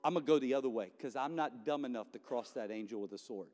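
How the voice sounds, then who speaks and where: A man's voice: mid-range voice, fast talker, a little mellow, big-room sound, soft background music. A male pastor giving an impassioned, conversational sermon in a chapel and repeating his key points.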